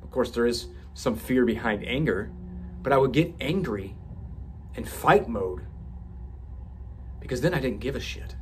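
A man's voice: medium pitch, lively intonation, measured pace, pauses often, slight background noise. A man speaking candidly and with profanity as a podcast host, telling a personal story with frequent restarts.

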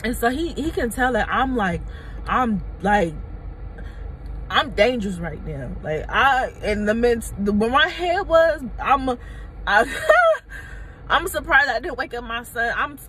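A woman's voice: on the high side, expressive, unhurried, a bit bright, slight background noise, low-quality recording. A young adult woman telling a personal story on her vlog, candid and emphatic, full of slang and swearing. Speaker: mommy YouTuber.

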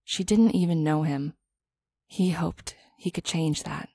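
Calm woman narrating an audiobook. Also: low-pitched, unhurried, slightly rough, no room sound, clean studio sound. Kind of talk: scripted narration.

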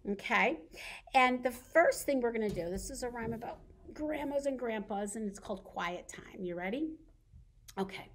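A woman leading a baby storytime as a children's librarian, with a gentle, sing-song, coaxing way of talking to little ones. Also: a little high, moderate pace. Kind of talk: baby storytime with songs and rhymes.

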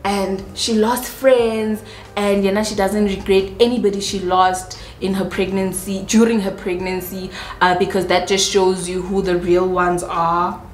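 A South African woman YouTuber telling a personal story in a dramatic, animated way, with sudden high-pitched asides. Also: measured pace, reverberant, slight background noise. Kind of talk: storytime vlog.

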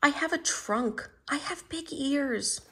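A woman's voice: sits high, slow, sharp tone, slight background noise, voice pushed up, full character voice. A woman doing a fretful, earnest elephant fellow. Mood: sad. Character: gentle, worried grown male elephant.

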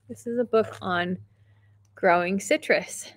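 A woman hosting a casual vlog, opening mail from viewers and talking warmly and emotionally, close to tears at times. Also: medium pitch, normal speed, slight background noise. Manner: chatty and emotional, near tears.

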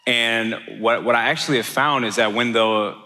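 A man's voice: mid-range voice, fairly even intonation, normal speed, sharp tone. A young adult male pastor preaching a sermon in a church, earnest, often repeating words as he builds to emphatic peaks. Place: church auditorium. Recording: long hall reverb.

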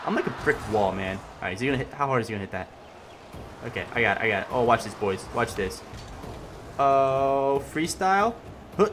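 A young man giving casual gameplay commentary as he plays, excitable and swinging between loud yelling and mumbled asides. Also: mid-range voice, brisk, background noise. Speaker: gaming commentator.

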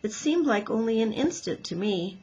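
Woman reading as a calm, formal robot mother. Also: a little high, slightly rough, voice pushed up, heavily acted. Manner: even, formal, measured speech. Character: calm female robot mother, gentle and literal.

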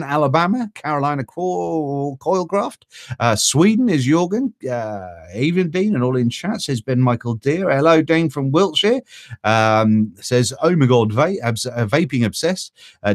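A man's voice: mid-range voice, no room sound, studio quality. A man from Britain hosting a casual live stream, reading out viewer greetings with a chatty, jokey manner.

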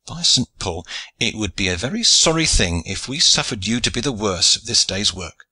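A man's voice: fairly low pitch, animated, moderate pace, bright, forceful tone, breathy edge, dry recording, full character voice. A man voicing a gallant, pious old knight commanding his men, in courtly old-fashioned speech.

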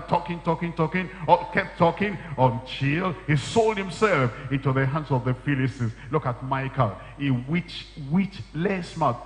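A man preaching a sermon as a pastor, emphatic and repetitive, driving phrases home again and again. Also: fairly high pitch. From Nigeria. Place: church hall. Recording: long reverb of a large hall.

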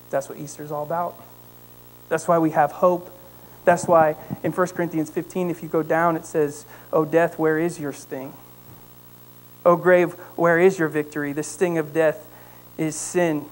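A male pastor preaching in a church sanctuary, with a fairly high voice. He tells stories with animated emphasis and prays in a quieter tone. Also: poor audio. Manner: animated storytelling, then quiet prayer. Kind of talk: sermon.

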